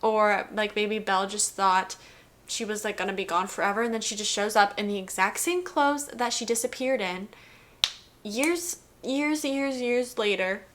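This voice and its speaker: A woman's voice: medium pitch, moderate pace, a bit bright, a little hiss or hum. A woman in her twenties chatting casually about books she read, with lots of "like" and restarts. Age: 20s. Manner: chatty, heavy use of "like", giggly. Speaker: book vlogger. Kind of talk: casual reading wrap-up chat.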